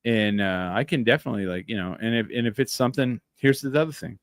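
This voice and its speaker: A man's voice: mid-range voice, fast talker, no echo, clean studio sound. A man hosting a podcast in casual chat, telling stories with animation and acting out quoted lines. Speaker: podcast host.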